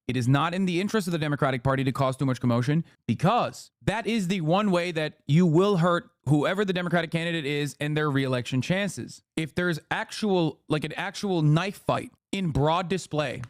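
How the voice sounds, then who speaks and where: A man's voice: fairly high pitch, normal speed, few pauses, dry recording, studio quality. A man giving heated, profane political commentary while reacting on a live stream. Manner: heated, profane, emphatic ranting.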